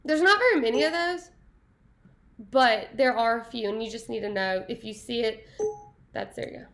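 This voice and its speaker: A woman teaching a Spanish class, upbeat and playful, praising answers and breaking into quick asides. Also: fairly high pitch, a bit bright. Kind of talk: classroom lesson.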